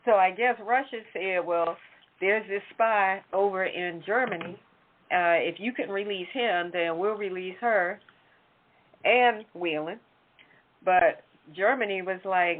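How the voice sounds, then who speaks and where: Over a tinny, phone-like line, a woman with a medium-pitched voice hosts a talk show at a slow pace. Her casual political chat is conversational, and she corrects herself as she goes.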